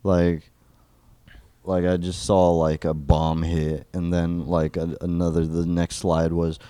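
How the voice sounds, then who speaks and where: Young guy on a podcast, deep voice, crude rambling jokes, dry room. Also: little pitch movement, takes it slowly, mellow, clean tone, no echo. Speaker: podcast co-host. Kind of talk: casual comedic chat.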